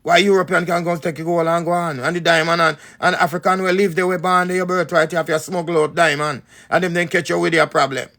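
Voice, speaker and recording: Gravelly Jamaican man preaching. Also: on the high side, little pitch movement, fast talker, hardly any pauses, sharp tone. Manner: repetitive, emphatic, rhetorical questions. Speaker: spiritual teacher. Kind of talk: preaching talk to followers.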